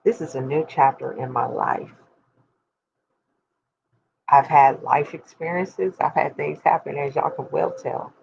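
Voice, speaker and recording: Gravelly 40-year-old woman, emphatic and candid. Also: sits low, fairly even intonation, measured pace, pauses often, darkish tone, lo-fi sound, a little hiss or hum. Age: 40s. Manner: emphatic, preacherly, speaks straight to her audience. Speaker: host. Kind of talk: candid personal talk to viewers.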